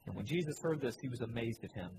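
A man preaching a sermon, repeating key phrases, asking the congregation questions, and swinging between loud emphatic lines and low quiet ones. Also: lively intonation, quick pace, noisy background. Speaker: pastor. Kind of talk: sermon with slides.

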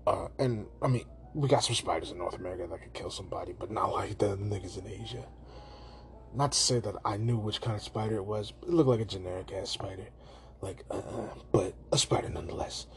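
A man casually and profanely retelling a movie scene on his podcast, slipping into quick put-on voices for the characters. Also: lowish voice, a little hiss or hum. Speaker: podcast host.

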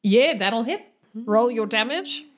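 Animated woman game master. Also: fairly high pitch, slow pace. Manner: animated, giggly storytelling. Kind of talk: narrating a tabletop game.

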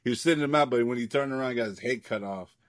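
A man's voice: medium pitch, rapid-fire, no room sound, studio quality. A man co-hosting a podcast, casually recapping a comic book in a loose, rambling way, swearing freely and leaning on lots of fillers. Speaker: podcast co-host.

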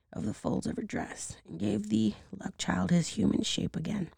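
A hoarse woman reading a bedtime story aloud in a slow, measured way, dropping into hushed asides. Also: mid-range voice, no room sound, clean studio sound.

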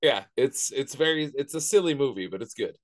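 A man co-hosting a podcast in casual chat, easygoing and agreeable, throwing in quick jokes. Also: medium pitch, lively intonation. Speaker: podcast co-host.

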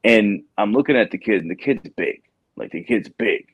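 Animated storytelling man, low voice. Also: moderate pace, husky, no echo, phone-quality sound. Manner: animated storyteller, acts out quotes, says "bro". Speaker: podcast host, Marine recruiting staff sergeant. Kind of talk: casual storytelling chat.

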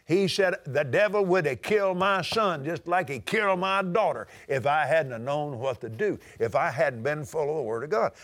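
Folksy older preacher with a high voice. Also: male voice, lively intonation, normal speed, few pauses. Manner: folksy preaching, rising to shouts. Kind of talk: sermon.

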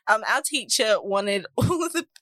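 A woman's voice: a little high, animated, a little slow, fairly bright tone, no echo, studio quality. A woman in her twenties with a New Zealand accent, co-hosting a podcast with wry, joking remarks. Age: 20s. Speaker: podcast co-host. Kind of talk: casual chat.

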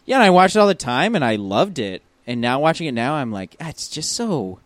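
A man's voice: medium pitch, quick pace, no echo. A man from Canada co-hosting a casual chat, recapping a sitcom with wry jokes. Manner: wry and joking, with lively, swooping intonation. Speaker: podcast co-host.

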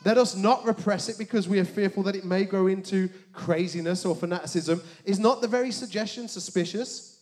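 A man preaching a sermon, animated, with joking asides and dramatic hushed emphasis on key words. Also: sits high, fairly quick. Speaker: pastor.

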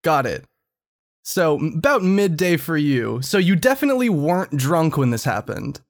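A man's voice: a little high, big pitch swings, normal speed. A male podcast host in casual group banter, teasing, sweary and exasperated.

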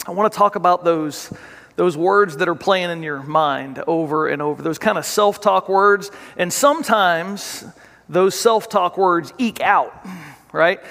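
A man's voice: high-pitched, measured pace, vocal fry, fairly bright tone. A man preaching a sermon as pastor, earnest and repetitive, restarting his phrases as he goes. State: choked up with emotion. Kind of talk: sermon with prayer. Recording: long hall reverb.

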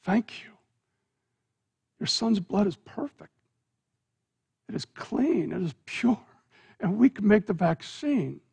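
A preacher putting on a gray-haired old doctor with a soft, grave and gravelly voice. He speaks slowly and apologetically, hushed and low, as if breaking terrible news to a family. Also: expressive, full character voice. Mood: grateful.

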